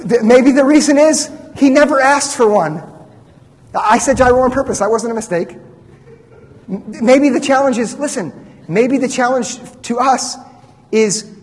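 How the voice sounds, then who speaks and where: A young man preaching a sermon as a pastor, earnest and emphatic with frequent repetitions. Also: high-pitched. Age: young adult. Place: church sanctuary. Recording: church hall reverb.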